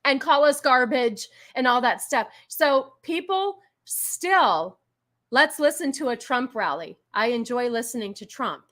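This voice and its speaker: A woman's voice: high voice, lively intonation, measured pace, fairly bright tone. A woman hosting a casual live stream, talking back to chat in an exasperated, argumentative way and thanking donors. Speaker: livestream host. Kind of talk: casual political commentary stream.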